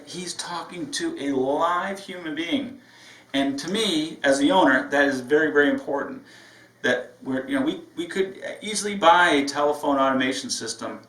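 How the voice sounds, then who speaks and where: A man's voice: fairly high pitch, fairly bright tone. Male owner as trainer. Upbeat, conversational lecture style, distant from the mic in a roomy space. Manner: upbeat, conversational, often asks "right?". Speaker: business owner training staff. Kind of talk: training lecture with phone role-play. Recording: echoey room, mic far off.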